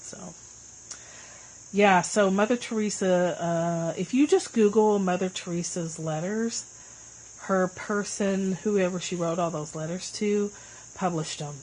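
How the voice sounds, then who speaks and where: A woman hosting a casual livestream, chatting with viewers and answering their comments with lively swings in pitch. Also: unhurried, poor audio. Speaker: livestream host.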